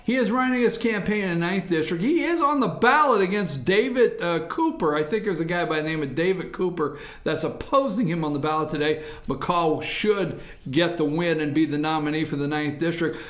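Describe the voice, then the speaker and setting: Animated high-voiced male host. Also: echoey room. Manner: animated, repeats himself when pressing a point. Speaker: morning show host. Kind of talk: casual political chat.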